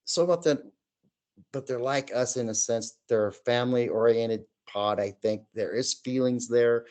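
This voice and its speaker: This is a man in his sixties, a guest in a relaxed conversation, telling first-hand stories. He is lively and acts out the voices and noises himself. His voice sits at an ordinary middle pitch for a man. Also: unhurried. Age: 60s. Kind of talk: storytelling in a casual chat.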